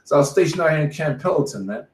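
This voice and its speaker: Very fast and animated, with a slightly high voice, a man of about forty teaches the Bible as the leader of a street study. He preaches casually, tells war stories, curses with emphasis, and drops "man" after almost every phrase, all in an echoey room.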